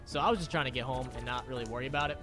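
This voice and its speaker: A young man telling a storytime tale in a rambling, profane, animated way, heard in a played clip. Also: mid-range voice, very fast. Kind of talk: casual storytime. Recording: clip with music behind. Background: music.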